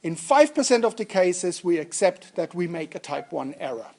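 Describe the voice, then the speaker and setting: A man's voice: high-pitched, sing-song, normal speed, gravelly, a little mellow. A man lecturing students in a lecture room, jokey and interactive, often putting questions to the class. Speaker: university lecturer. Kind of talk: lecturing on statistics.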